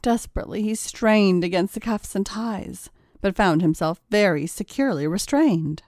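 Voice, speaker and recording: A woman reading a story aloud in a steady, even narration. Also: medium pitch, moderate pace, no room sound, studio quality. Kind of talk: scripted narration.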